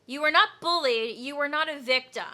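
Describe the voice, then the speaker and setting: A young woman with a high, bright voice. She reacts to videos bluntly, swearing freely, and sounds fed up and outspoken. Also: fairly quick. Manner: blunt, profane and exasperated. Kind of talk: casual reaction commentary.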